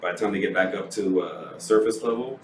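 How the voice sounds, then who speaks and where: A man co-hosting a casual movie review podcast, retelling scenes in a lively way and acting out the characters' lines. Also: low voice, brisk. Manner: animated retelling, acts out quotes, laughs often. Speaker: podcast co-host. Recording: echoey room, distant mic, faint noise.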